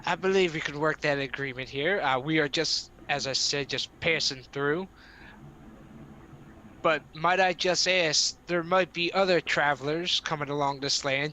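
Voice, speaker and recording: A man's voice: a little high, sharp tone, a little hiss or hum. A man playing a hesitant, polite adventurer envoy. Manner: hesitant, many uhs and restarts. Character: polite male adventurer envoy, diplomatic, eager.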